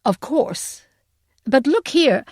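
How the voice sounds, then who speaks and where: A woman's voice: on the high side, lively intonation, moderate pace, dry recording, close to an everyday voice. Brief: a woman reading as a stern young farmer with a slight American accent, chiding and clipped, dry close sound.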